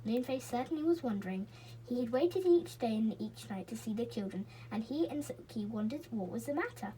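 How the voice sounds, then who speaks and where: A woman reading a children's book aloud in a gentle, expressive way, with small slips and restarts. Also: a little high, a little fast, a little hiss or hum, poor audio. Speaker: reader.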